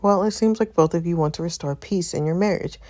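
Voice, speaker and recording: A woman reading the lines of a calm, professional female marriage counselor in a story game. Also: on the low side, close to an everyday voice. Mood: measured. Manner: measured, advising.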